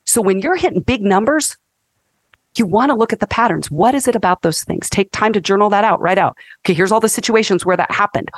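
A woman in her fifties speaks as a counselor on a faith-based podcast, animated and emphatic. Her voice sits at a middle pitch. It is recorded close and dry, with no room sound. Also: a little fast, no echo.

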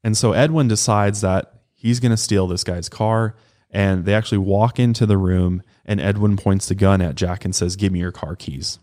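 A man's voice: fairly low pitch, steady tone, moderate pace, a little mellow. A man co-hosting a podcast, recounting a true-crime case in a loose, conversational way with casual swearing. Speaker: podcast co-host.

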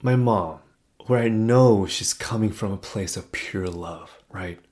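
A middle-aged man telling a personal story in a casual, animated way, dropping to a hush at the tense parts. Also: lowish voice, a little slow.

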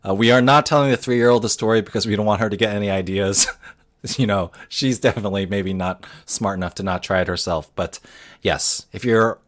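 Man, 30s, podcast co-host, rambling and self-deprecating, lowish voice. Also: a little fast. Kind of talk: casual storytelling chat.

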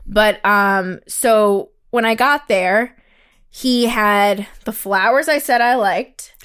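A woman co-hosting a podcast, telling a story in casual chat, animated, acting out quotes, swearing and laughing often. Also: mid-range voice, slow, clean tone. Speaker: podcast co-host.

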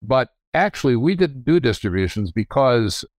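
An older businessman appears as a podcast guest, frankly telling rambling stories about his family business and often restarting his sentences as he corrects himself. His mid-range voice is very animated and a little mellow at a normal speed. The recording is studio quality, with no echo.

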